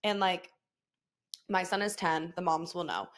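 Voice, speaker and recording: A woman's voice: fairly low pitch, slow, pauses often. A woman, hosting a casual solo podcast, swearing freely, laughing often and mimicking her son. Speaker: podcast host.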